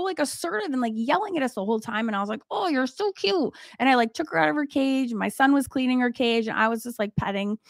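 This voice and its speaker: A woman in her forties, an art teacher, chats on a livestream in a slightly high voice. She rambles through her stories with fillers and laughs. The sound is dry and close to the mic. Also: no room sound. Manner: chatty, laughing storyteller with many fillers. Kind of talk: casual livestream chat.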